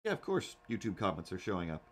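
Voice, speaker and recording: A man hosting a casual livestream while he draws, rambling through animated stories with lots of fillers and restarts. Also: deep voice, fast, husky. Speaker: livestream host.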